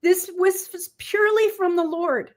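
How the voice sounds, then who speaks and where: A woman's voice: very high-pitched, moderate pace, a little mellow. A woman guest giving an earnest, emotional, faith-filled testimonial, at times choked up. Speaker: guest, product seller.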